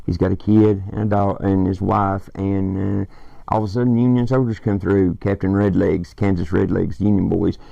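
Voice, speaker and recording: Man, loose rambling fan chat with cussing; dark tone, dry close sound. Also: sits low, fairly even intonation, moderate pace, vocal fry, no echo, highs cut off. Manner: rambling, swearing, quoting lines. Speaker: movie fan vlogger. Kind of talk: casual movie retelling.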